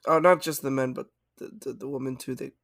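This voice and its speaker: A man hosting a casual film podcast, explaining haltingly and laughing often. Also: mid-range voice, steady tone, vocal fry, fairly bright tone, dry recording, clean studio sound. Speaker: podcast host.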